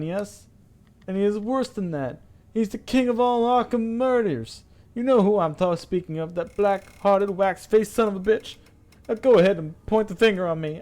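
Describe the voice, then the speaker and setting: A man's voice: darkish tone, lightly acted. A man voicing a sobbing, embittered middle-aged male illusionist who rants shrilly with hatred. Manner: shrill, ranting, spitting hatred.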